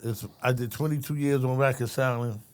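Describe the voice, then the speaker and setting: A man's voice: medium pitch, steady tone, fairly quick, a little mellow. A middle-aged man, a former correctional officer telling a story in a streetwise, profane way. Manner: streetwise, profane, repeats his listener's name, acts out the people in his story. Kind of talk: animated storytelling in casual conversation.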